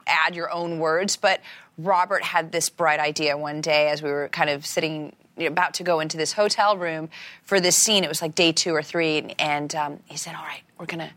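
A woman's voice: low-pitched, normal speed, no room sound. A middle-aged woman from Iowa, an actress telling stories in a casual interview, full of fillers and restarts. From Iowa, USA. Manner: animated storyteller, many fillers and restarts. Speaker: actress guest.

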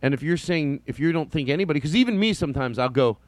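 A man with a somewhat high, expressive voice talks at a quick pace with no echo as host of a comedy podcast. His casual monologue drifts off on tangents, full of restarted sentences and chuckles during his stories.

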